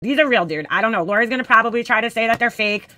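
A woman's voice: a little high, very fast, bright, forceful tone, no room sound. A woman hosting a casual drama commentary, reading screenshots of texts aloud with blunt, profane, sarcastic asides.

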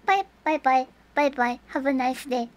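Over a slight hiss or hum, a young woman with a high voice talks at normal speed while streaming a horror game live. Jumpy by nature, she goes from whispering to shrieking and scatters Japanese words through her commentary.

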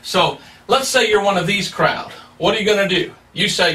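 A man's voice: high-pitched, fairly quick, hardly any pauses, bright, forceful tone, distant mic. A male pastor preaching a sermon, emphatic and plain-spoken, asking rhetorical questions as he teaches.

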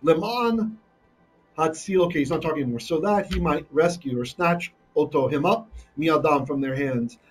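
A man's voice: fairly high pitch, normal speed, distant mic, soft background music, low-quality recording. A man teaching a live online Bible lesson, reading Hebrew verses and translating them line by line, often checking in with "right?". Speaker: Torah teacher.

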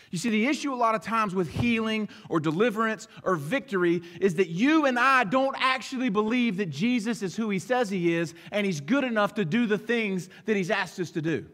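A man preaching a sermon as pastor, animated, acting out short snatches of dialogue as he goes. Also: high-pitched. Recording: long reverb of a large hall.

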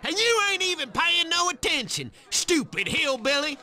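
An actor playing a loud, crude, hot-tempered hillbilly golfer in a video game, hollering in a twangy rural drawl. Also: male voice, extremely high pitch, big pitch swings, normal speed, a little hiss or hum, full character voice. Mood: rowdy. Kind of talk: video game character lines.

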